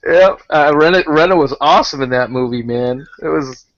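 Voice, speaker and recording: A man with a Boston accent chatting casually as a podcast guest, talking haltingly with lots of fillers. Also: on the high side, no room sound. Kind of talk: casual chat. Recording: dull dry sound, video call.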